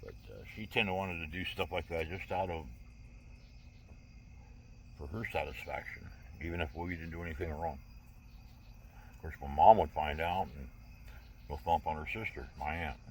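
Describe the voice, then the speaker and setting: Very deep-voiced man in his sixties. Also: slight background noise. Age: 60s. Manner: candid, rambling, with wry humor. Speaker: vlogger. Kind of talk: casual personal storytelling.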